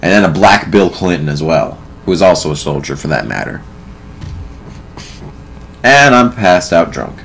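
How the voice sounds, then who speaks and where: Young male let's-player, low-pitched, foul-mouthed and sarcastic, desk mic with faint background hum. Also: low-quality recording. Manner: profane, sarcastic, quick swings to loud outbursts. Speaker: let's play commentator. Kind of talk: casual gameplay commentary.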